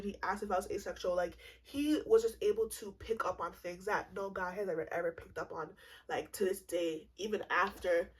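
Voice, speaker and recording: Husky-voiced woman telling a storytime. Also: mid-range voice. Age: 20s. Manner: animated, profane, acts out both sides of dialogue. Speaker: vlogger. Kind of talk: comedic storytime.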